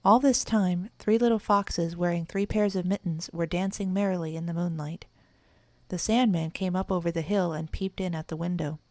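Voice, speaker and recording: A woman narrating a children's storybook in a steady, gentle read-aloud manner. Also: lowish voice, normal speed, no room sound. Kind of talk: storybook reading.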